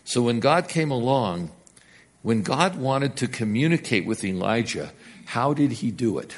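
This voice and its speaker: A man preaches a sermon in a lively, swinging voice. He tells the story animatedly, rising to loud emphasis and dropping to a near-whisper. His voice sits at a middle pitch for a man. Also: measured pace.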